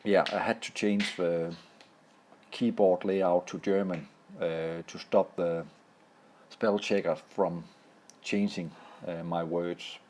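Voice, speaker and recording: A man from Denmark with a Danish accent, a native Danish speaker, explaining a language lesson over slides and pausing often to find his words. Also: low-pitched, fairly even intonation, darkish tone, a little hiss or hum. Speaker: language teacher.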